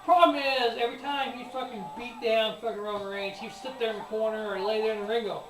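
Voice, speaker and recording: A man hosting his own sports show, reviewing a wrestling event in a rambling, excitable, profane way. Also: high voice, fast talker, hardly any pauses. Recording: echoey room, distant mic, music behind.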